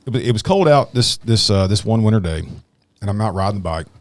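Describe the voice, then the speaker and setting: A man's voice: lowish voice, lively intonation, fast talker. A man, a police officer hosting a podcast, telling a story in casual chat with many restarts. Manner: rambling, many restarts, laughs through his story.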